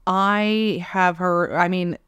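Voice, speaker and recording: Deadpan Canadian woman podcaster. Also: fairly low pitch, slow pace, clear, resonant tone, no echo, muffled recording. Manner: dry, deadpan wisecracks. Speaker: podcast co-host. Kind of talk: casual chat.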